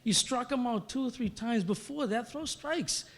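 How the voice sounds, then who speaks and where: A man voicing a blunt, strict mother scolding her son, in a sharp, matter-of-fact way. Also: extremely high pitch, moderate pace, in a large hall, pitched above the performer's own voice, exaggerated voice.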